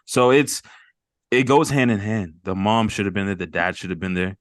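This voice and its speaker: A man's voice: lowish voice, normal speed, no room sound, studio quality. A man hosting a mental health group call, talking earnestly and rambling, repeating words and laughing off his emotions.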